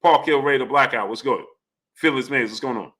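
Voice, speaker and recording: A man's voice: mid-range voice, fairly quick, a bit bright. A man hosting a boxing livestream, talking casually, greeting chatters by name and firing the same question again and again.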